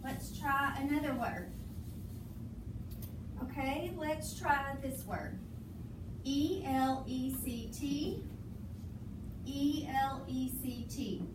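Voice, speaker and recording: A woman's voice: high voice, animated, drawn-out words, long pauses, recorded from a distance. A woman teaching a phonics lesson in a classroom, patiently prompting her students to finish her sentences. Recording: echoey classroom recorded from afar, with noise.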